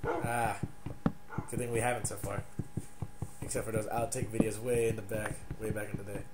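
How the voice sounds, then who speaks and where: Low-voiced guy teasing his buddy through a let's play, dry, lots of hiss. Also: little pitch movement, normal speed. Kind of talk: gaming commentary. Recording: loud background hiss.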